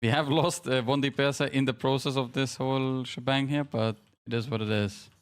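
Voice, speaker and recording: A man in a relaxed live-stream, chatting and laughing at himself as he plays. He keeps giving quick directions to teammates between jokes for his viewers. His voice sits at an ordinary middle pitch for a man. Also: clean tone. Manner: chatty, jokey, self-deprecating, directing teammates. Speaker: streamer leading a game team. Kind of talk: casual live-stream gaming chat.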